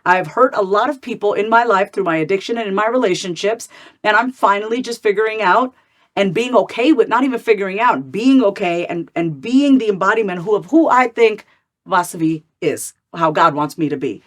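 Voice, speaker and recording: A woman therapist and coach talking candidly as an interview guest, animated and chatty with frequent fillers. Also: medium pitch. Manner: animated, talkative, quick laughs, many "like" fillers.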